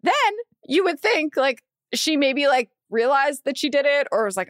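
A young woman hosting a podcast, telling a story in casual chat, animated and swearing, acting out quotes loudly. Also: high-pitched, moderate pace, no echo. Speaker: podcast host.

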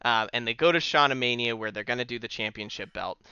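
Man, casual podcast chat, rambling, crisp voice, dry sound. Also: mid-range voice, quick pace, pushed and bright, no room sound, highs cut off. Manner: rambling, laughing, many fillers. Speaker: podcast co-host.

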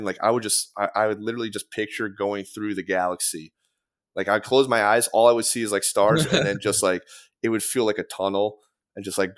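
A young man chatting as a musician guest, rambling and profane, with lots of fillers. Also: on the low side. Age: young adult. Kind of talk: casual podcast chat.

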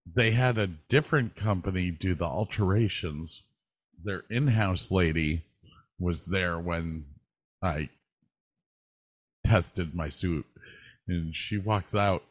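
Slow, low-voiced man telling stories. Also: dry recording. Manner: animated storyteller, swears, mimics people he quotes. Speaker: podcast co-host. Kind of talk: casual chat.

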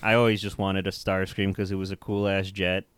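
A man's voice: deep voice, little pitch movement, fairly quick, smooth, no echo. A young man co-hosting a podcast in casual chat, rambling, laughing often and swearing freely. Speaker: podcast co-host.

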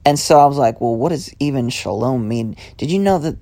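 A man's voice: mid-range voice, lively intonation, creaky, dark tone, dry recording. A man hosting his own podcast, giving a casual devotional talk in an earnest, conversational way. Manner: earnest, conversational, with quick runs of questions. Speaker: podcast host.

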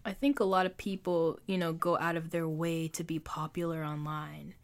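A woman's voice: sits low, flat delivery, normal speed. A young woman vlogging in a casual, confessional chat, talking loosely, filling with "like" and poking fun at herself. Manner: chatty, fills with "like", self-mocking.

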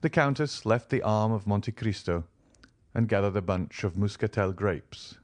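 A man reading a classic novel aloud as an audiobook in a measured, expressive way. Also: on the low side, no room sound. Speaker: audiobook volunteer reader. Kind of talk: scripted narration of a classic novel.

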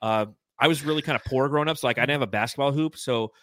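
On a relaxed sports podcast, a co-host from California rattles off animated stories at a very fast clip, laughing frequently. His voice is mid-range, and the audio carries no echo.

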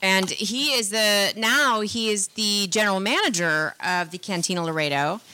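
A woman's voice: medium pitch, normal speed, bright, forceful tone, clean tone, no room sound. A woman co-hosting a radio talk show, chatty and upbeat in casual banter. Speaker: co-host.

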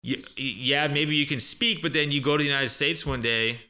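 Male guest teacher with a piercing, bright voice, relaxed and conversational, drills phrases by repetition. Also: a little high. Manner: chatty, demonstrates phrases slowly and repeats them. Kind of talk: casual spoken lesson.

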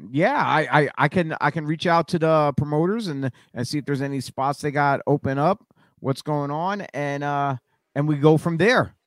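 Male podcast host, high voice, rambling with restarts, dry close recording. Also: moderate pace, no echo. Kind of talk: casual podcast chat.

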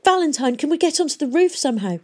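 A woman's voice: on the high side, expressive, moderate pace, dark tone, husky, voice pushed up. A woman voicing a fierce, blunt young woman who calls out urgently.

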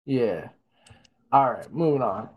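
A man's voice: medium pitch, animated, slow, husky, highs cut off. A man with a mid-range voice co-hosts a casual podcast. He chimes in with brief, teasing remarks. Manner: teasing, short interjections. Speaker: podcast co-host.

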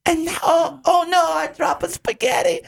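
A man putting on a deliberately bad, squeaky impression of a clumsy, boastful Italian waiter with a fake Italian accent. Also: animated, vocal fry, a little hiss or hum, heavily acted. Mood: silly boastful. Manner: squeaky, exaggerated, bad on purpose. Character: goofy high-voiced male Italian waiter, boastful, clumsy.

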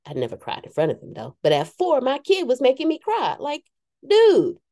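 A woman's voice: sits high, huge pitch swings, brisk, a little mellow. A woman co-hosting a casual talk show about spiritual growth, speaking candidly and poking fun at herself with preachy asides. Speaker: podcast co-host.

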